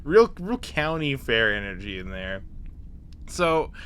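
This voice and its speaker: Smooth-voiced dude rambling through a podcast recap, lots of restarts. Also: male voice, mid-range voice, sing-song, takes it slowly, fairly bright tone. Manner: rambling with restarts, laughs, puts on silly voices. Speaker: podcast co-host. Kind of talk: casual chat.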